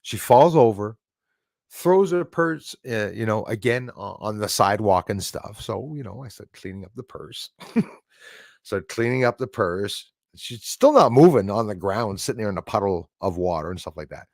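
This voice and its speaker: A man hosting a live stream, telling a story in a casual, animated way full of fillers. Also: fairly low pitch, normal speed, creaky, no room sound, studio quality. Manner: animated, acts out quoted voices, frequent fillers.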